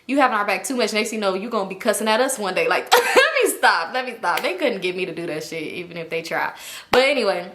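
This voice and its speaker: A young woman telling a personal story in a casual, animated way, slangy and profane. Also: medium pitch, fast, slight background noise. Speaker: storytime YouTuber.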